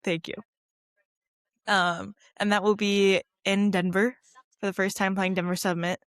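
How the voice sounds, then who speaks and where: An American woman co-hosts a soccer podcast in casual chat. She talks quickly and laughs often. Her voice sits in a middle range and sounds close and dry. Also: medium pitch, level tone, smooth, no echo. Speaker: podcast co-host.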